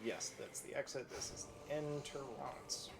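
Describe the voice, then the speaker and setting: A man's voice: mid-range voice, normal speed, creaky, a crowd in the background. A man chatting casually while playing a game on a charity stream, playful and self-mocking. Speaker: charity stream gamer and commentator.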